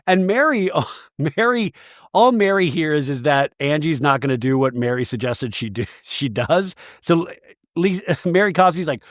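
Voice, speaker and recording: A man hosting a podcast, recapping a reality TV episode in a jokey, animated way and acting out the quotes. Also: fairly high pitch, unhurried, no echo, studio quality. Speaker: podcast host.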